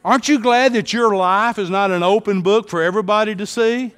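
A man preaching a sermon as a pastor, dropping to hushed lines and then rising to emphatic calls to the congregation. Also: sits high, a little fast, smooth. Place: church sanctuary. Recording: long hall reverb.

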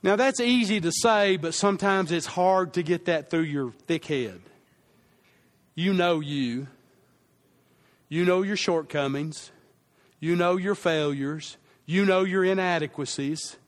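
A man's voice: high-pitched, unhurried. A male pastor preaching a sermon, repeating key lines for emphasis and leading the congregation to say phrases back with him.

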